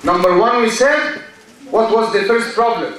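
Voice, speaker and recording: Man, high voice, lecture, repeats himself, booming hall echo. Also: animated, fairly bright tone. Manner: slow, repeats key phrases, quizzes students. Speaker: university lecturer. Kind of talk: classroom lecture. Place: large echoey lecture hall. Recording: echoey hall from far off.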